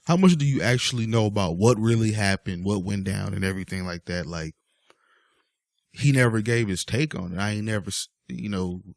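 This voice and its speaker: Deep-voiced guy venting on his vlog, aave, super dry close sound, keeps going off on tangents. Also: brisk, creaky, dry recording. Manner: exasperated, rambling with many fillers. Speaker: vlogger. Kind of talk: casual rant to camera.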